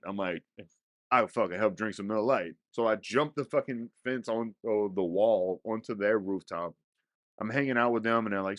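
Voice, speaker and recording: A man's voice: low-pitched, normal speed, dry recording. Young man, casual storyteller, profane and laughing, dry close sound. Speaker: storyteller guest. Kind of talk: casual podcast chat.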